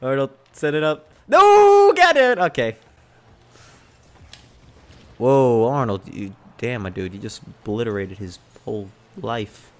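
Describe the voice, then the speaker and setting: A young man giving excited, loud gameplay commentary, yelling and laughing as he plays. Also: medium pitch, unhurried, pauses often. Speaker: gamer and video host.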